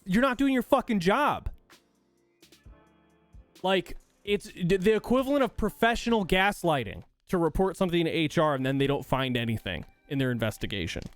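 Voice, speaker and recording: A man with a slightly higher voice talks casually to his stream chat, swearing often and sounding fed up. His rant is heated and exasperated. Soft music plays faintly underneath. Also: no echo. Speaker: streamer host.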